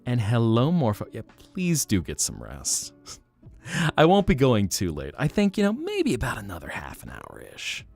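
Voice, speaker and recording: Soft-spoken man with a lively pitch. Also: moderate pace, gravelly, faint music behind. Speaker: livestream host. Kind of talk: relaxed live stream chat.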